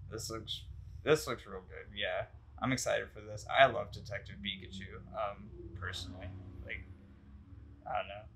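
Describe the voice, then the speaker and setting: A man hosting a casual podcast chat, rambling with lots of ums and likes as he gets excited about new releases. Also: on the low side, moderate pace, gravelly, a little hiss or hum. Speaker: podcast host.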